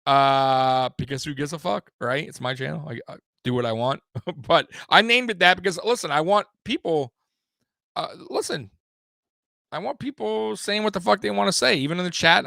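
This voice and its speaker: A young man hosting a live sports show, swearing freely and rambling with sudden loud bursts. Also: on the high side, vocal fry, no room sound. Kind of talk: casual live-stream sports talk.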